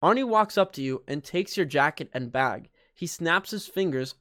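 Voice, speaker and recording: A man's voice: fairly high pitch, animated, normal speed, bright, forceful tone, a little hiss or hum. A young man reading a fan story aloud, breaking off for joking, sarcastic asides. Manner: joking, sarcastic asides and mock-dramatic voices. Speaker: YouTuber.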